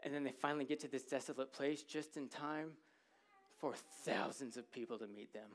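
A man's voice: mid-range voice, steady tone, a little fast. A man preaching a sermon to a congregation in a church, in a conversational, humorous way, often checking in with "right?".

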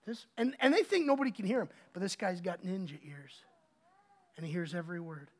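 Pastor in church, male, high and highly varied pitch, animated delivery that drops to hushed asides. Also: fairly quick. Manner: animated, swinging between loud emphasis and hushed asides. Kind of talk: sermon.

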